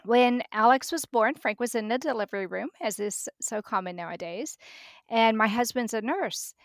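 A woman's voice: fairly high pitch, normal speed, dry recording, studio quality. A middle-aged woman, a podcast guest, telling a personal story vividly and acting out the dialogue.

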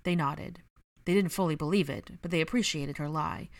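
A woman narrating a story in a gentle, even storytelling manner. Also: deep voice, moderate pace, no echo. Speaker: reader. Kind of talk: audiobook narration of fan fiction.

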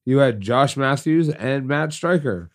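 A man's voice: medium pitch, animated, a little slow. A stuffed-up man co-hosting a podcast, chatting casually and teasing his co-host. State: congested. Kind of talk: casual chat.

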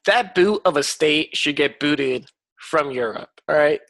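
Male podcast co-host, fairly high voice, joking rants, dry close sound. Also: expressive, a little slow, a bit bright, no echo. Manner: joking, ranting, fills with "like". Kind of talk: casual chat.

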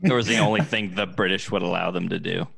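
A man's voice: low-pitched, fairly even intonation, quick pace, creaky, fairly bright tone, slightly rough. A man in casual chat, joking and laid-back.

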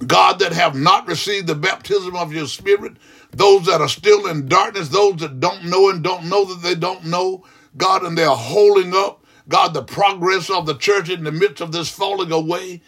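A man's voice: sits high, normal speed, fairly bright tone. A man praying aloud as a pastor, fervent and rhythmic, with frequent "hallelujah" interjections. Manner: repetitive, rhythmic preaching cadence. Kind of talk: extemporaneous prayer.

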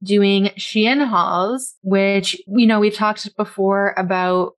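A woman's voice: mid-range voice, fairly even intonation, takes it slowly. A woman co-hosting a podcast, talking casually with an exasperated, opinionated edge. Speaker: podcast co-host.

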